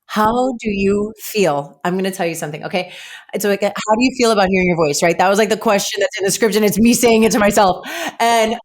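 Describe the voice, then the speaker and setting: A woman's voice: mid-range voice, steady tone, quick pace. A woman hosting a podcast, talking casually and emphatically with lots of "like". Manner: chatty, emphatic, heavy use of "like". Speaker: podcast host. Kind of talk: casual podcast chat and ad read.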